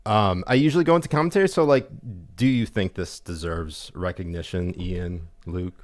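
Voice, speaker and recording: A man speaking as a podcast guest in casual chat, deadpan and sarcastic. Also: deep voice, normal speed, no echo, studio quality.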